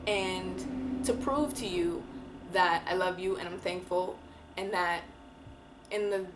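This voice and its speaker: A woman's voice: lowish voice, noisy background. A woman talking candidly and emotionally to camera in a casual, slangy personal vlog. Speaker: vlogger.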